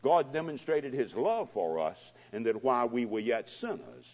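A man preaching a sermon as pastor, his voice swelling and dropping dramatically in pitch and loudness, recorded in a church. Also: sing-song, moderate pace. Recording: dull lo-fi recording with long hall reverb.

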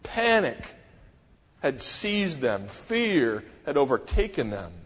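Animated preacher in an echoey hall. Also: male voice, a little high, takes it slowly, breathy edge. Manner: animated preaching, many rhetorical questions, sudden emphasis. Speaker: pastor. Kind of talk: sermon. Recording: dull, echoey church hall.

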